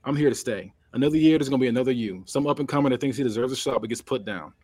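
A man's voice: mid-range voice, racing, darkish tone, dry recording, natural voice. A man cutting a promo as a cocky wrestling champ. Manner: cocky, boastful trash talk. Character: brash trash-talking male wrestling champion.

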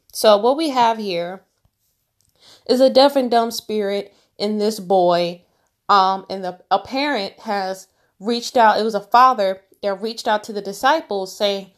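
A woman's voice: mid-range voice, unhurried. A woman reading scripture aloud and commenting on it in an informal, conversational way, with many fillers and restarts and bursts of emphasis. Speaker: Bible teacher. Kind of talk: informal Bible study commentary.

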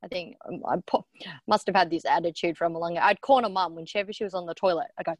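A woman's voice: medium pitch, fast talker, no room sound. A woman guest on a podcast telling frank personal stories in casual chat, saying her throat is a bit sore. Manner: frank, animated storyteller.

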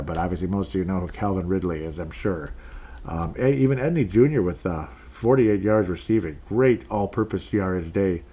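Rambling sports podcaster, lowish voice. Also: male voice, slightly rough. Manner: rambling, self-correcting, laughs at own slips; gets loud and high-pitched when ranting. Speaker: podcast host. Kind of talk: solo sports podcast chat.

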